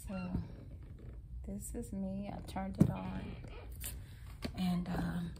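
A woman's voice: medium pitch, little pitch movement, slow, creaky. A woman in her forties vlogging casually about her day as a teacher, speaking earnestly and prayerfully to God about her struggles. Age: 40s. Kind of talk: casual day-in-the-life vlog. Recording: loud car and street noise behind.

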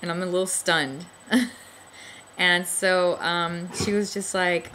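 A woman's voice: lowish voice, fairly even intonation, slow, pauses often, bright, forceful tone, a little hiss or hum. A young adult woman telling a personal story to camera in a rambling, chatty way, with lots of fillers and small laughs. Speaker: vlogger.

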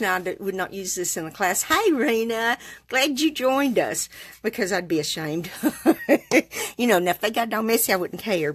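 A woman's voice: on the low side, breathy edge. Folksy woman chatting through a craft demo. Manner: chatty, folksy, rambling asides. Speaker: card-making demonstrator.

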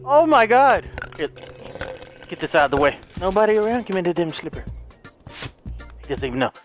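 An excitable man narrating his gameplay, his voice leaping up and down in pitch as he yells and gasps. He talks in first person as his in-game character. Game music plays clearly behind him. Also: fairly quick. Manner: excitable, yelling and gasping, talks as the goose he plays. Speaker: let's play gamer. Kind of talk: gaming commentary.

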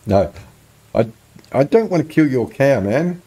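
Playful, mellow-voiced man narrating gameplay. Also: medium pitch, sing-song, takes it slowly, pauses often, slightly rough. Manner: joking, playful. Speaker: game commentator. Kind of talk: casual gameplay commentary.

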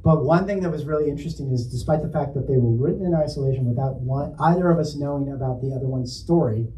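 A man's voice: mid-range voice, fast, warm tone, a little hiss or hum. A man telling a funny anecdote and then reading his story aloud with dramatic flair, often breaking into laughter. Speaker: author at a bookstore event. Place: bookstore event room. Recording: echoey room, mic at a distance.

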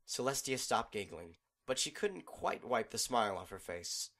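Man reading a fan audiobook, bright tone. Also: medium pitch, very animated, moderate pace, few pauses. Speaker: amateur audiobook narrator.

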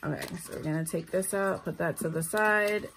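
A woman's voice: on the low side, moderate pace, a bit bright, slight background noise. A tired woman, talking casually while counting out cash for her budget and making self-deprecating asides. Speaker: budgeting vlogger, single mother.

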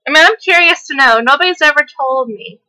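Woman, high-pitched, bright tone, hyper chatty gameplay talk, drifts into a country twang. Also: brisk, low-quality recording. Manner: hyper, chatty, laughs often; slips into a country twang at times. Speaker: gameplay video host. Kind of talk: casual chat while playing.

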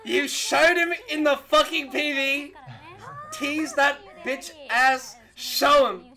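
A young man streaming his reaction, shouting, laughing and swearing with excitement, hoarse from yelling. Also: extremely high pitch, takes it slowly. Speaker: streamer reacting to a game trailer.

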